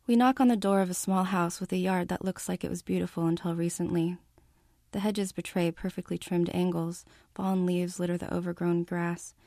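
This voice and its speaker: A woman reading her own novel aloud, calm and measured in first person. Her voice sits lowish and mellow, and the recording is close and dry with no room around it. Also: no echo. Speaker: author.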